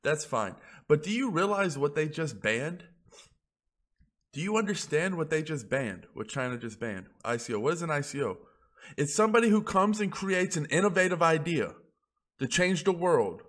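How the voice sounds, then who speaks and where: A man's voice: fairly high pitch, animated, moderate pace, fairly bright tone. A man blogging about crypto in a casual ranting monologue, heated and profane, rambling as he goes.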